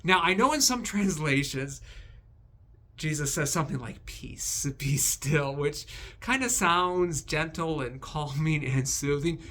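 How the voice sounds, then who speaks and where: A man hosting a devotional video, recapping Bible passages with animated, emphatic storytelling. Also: fairly high pitch, unhurried.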